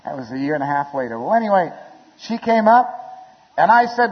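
A man preaching a sermon in a church, telling wedding stories with chuckles and building to shouted appeals. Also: high voice, sing-song, fairly quick, slightly rough. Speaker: pastor. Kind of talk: storytelling sermon. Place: church sanctuary. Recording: lo-fi recording with long hall reverb.

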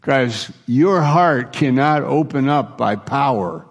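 A man's voice: mid-range voice, lively intonation, takes it slowly, in a large hall. A man preaching a sermon earnestly, acting out the dialogue of Bible figures and restarting his phrases often.

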